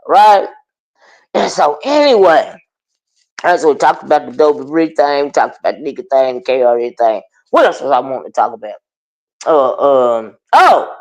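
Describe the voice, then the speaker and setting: In this low-quality recording, a woman with a low-pitched voice speaks at a normal speed while hosting a casual commentary stream. Chatty and animated, she reacts to online drama and addresses her live viewers by name.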